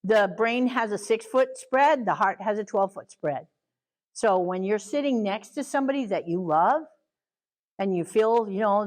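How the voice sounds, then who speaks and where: A middle-aged woman gives a parenting training talk in a lively, animated way. She slips into quick acted asides as children and parents, then carries on teaching. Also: fairly high pitch, low-quality recording.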